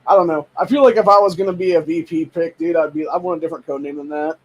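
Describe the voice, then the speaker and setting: On poor audio, a young man from Ohio runs his political podcast, speaking fast in a high-leaning, steady voice. He reads news headlines and fires back with heated, profanity-laced rants as casual commentary.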